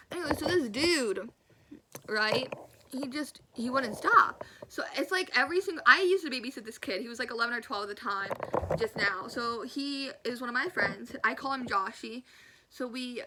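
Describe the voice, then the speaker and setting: A woman's voice: on the high side, noisy background. A young woman telling a personal story in a casual vlog, acting out the quotes and laughing often. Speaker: storyteller vlogger.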